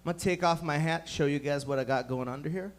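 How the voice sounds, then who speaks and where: High-voiced, profane stand-up comic. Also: male voice, fast. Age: 30s. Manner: profane, rowdy storytelling. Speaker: stand-up comedian. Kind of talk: stand-up comedy. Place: comedy club stage.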